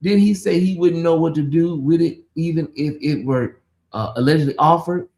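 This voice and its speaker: A man hosting a casual late-night livestream, chatting about gossip and talking straight to his viewers in lively asides. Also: a little high, moderate pace, vocal fry. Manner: chatty, addresses viewers directly, animated asides. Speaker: livestream host.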